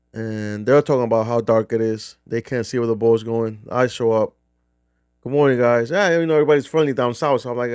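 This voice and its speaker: A man's voice: mid-range voice, darkish tone, clear, resonant tone, no echo, studio quality. A middle-aged man from New Jersey casually telling a rambling, profane golf trip story. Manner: rambling, profane, restarts often. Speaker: golf vlogger.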